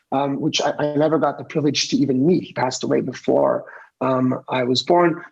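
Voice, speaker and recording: Gravelly-voiced South African man, lo-fi. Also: fairly high pitch. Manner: energetic, chatty storytelling. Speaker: guest, DJ and dancer. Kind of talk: casual interview answers.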